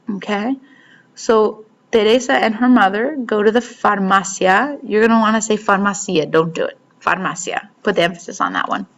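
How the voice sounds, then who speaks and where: Chatty woman teaching a vocab lesson. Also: medium pitch. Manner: relaxed and chatty, explains step by step with frequent "okay?". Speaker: Spanish teacher. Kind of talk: casual recorded vocabulary lesson.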